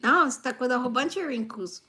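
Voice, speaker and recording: Woman livestream host with a high voice, playful and teasing with viewers, laughing often, phone on a table. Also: quick pace, bright, forceful tone. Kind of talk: casual livestream chat with viewers. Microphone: phone lying on a table.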